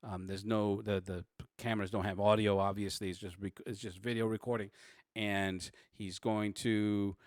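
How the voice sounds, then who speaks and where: A man's voice: lowish voice, level tone, dry recording. Guy running a tabletop game, stops and restarts a lot, dry close sound. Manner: halting, many fillers and restarts. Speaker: game master.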